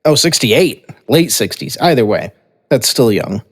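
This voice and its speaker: A man hosting a casual podcast, stopping and restarting his sentences often and filling gaps with "uh". His voice sits at an ordinary pitch. A long reverb hangs on every word. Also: sing-song, slightly rough. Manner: halting, with many fillers and restarts. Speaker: podcast host. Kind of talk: casual chat.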